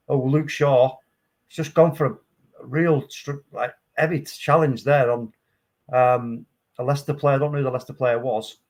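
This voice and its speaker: A man giving live, excitable commentary on a football match, calm play-by-play that flares into loud outbursts. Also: mid-range voice. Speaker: watchalong host.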